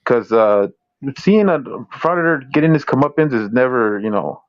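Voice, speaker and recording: A man's voice: mid-range voice, lively intonation, moderate pace. Giggly man co-hosting a stream, lo-fi. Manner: giggly, self-mocking jokes. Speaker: stream co-host. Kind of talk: casual livestream chat. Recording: dull lo-fi audio.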